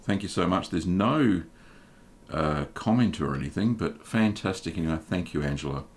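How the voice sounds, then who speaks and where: A man's voice: low-pitched, animated, normal speed. A middle-aged Australian man hosting a live stream, chatting casually and greeting viewers one by one with friendly g'days. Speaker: host of a live cheese-making Q&A stream.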